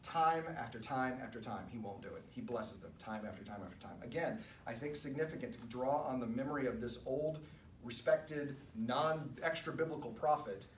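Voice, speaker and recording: A man's voice: medium pitch, normal speed. A man leading a church Bible study, reading scripture and adding conversational, wry asides with chuckles. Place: church room. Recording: echoey room, distant mic, faint noise.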